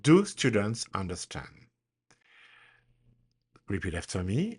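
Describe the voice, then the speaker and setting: A man teaching languages takes his time through a recorded grammar lesson, deliberate and unhurried. His voice makes big pitch swings, rising strongly on each sample question he offers learners to echo back.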